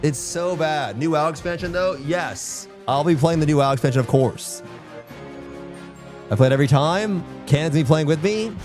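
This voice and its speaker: A man's voice: fairly high pitch, moderate pace, a little mellow, soft background music. A man streaming live, ranting casually and profanely with lots of slang, rambling and exasperated. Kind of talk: casual livestream chat.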